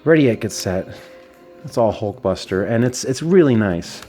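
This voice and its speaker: A man's voice: fairly low pitch, expressive, normal speed, dark tone, faint music behind. A man casually reviewing a collectible action figure, enthusiastic and chatty, with fillers and restarts. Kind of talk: casual unboxing talk.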